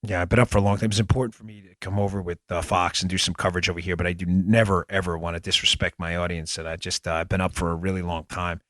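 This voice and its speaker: Male podcast host, impassioned and indignant, low voice, dead-dry booth sound. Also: flat delivery, rapid-fire, hardly any pauses, fairly bright tone, no room sound. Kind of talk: political commentary monologue.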